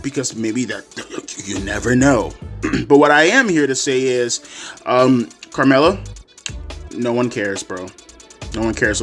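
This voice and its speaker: A man ranting and mocking loudly in a profane reaction commentary. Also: mid-range voice. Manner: loud, profane, mocking and animated. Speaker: reaction video creator.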